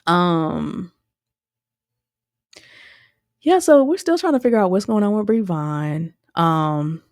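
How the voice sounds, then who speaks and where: A woman's voice: lowish voice, no echo. A woman talks through a reality episode in a loose, chatty way. She laughs often and slips into voices for the people she quotes. The sound is dry and close. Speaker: show reviewer. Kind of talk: casual recap commentary.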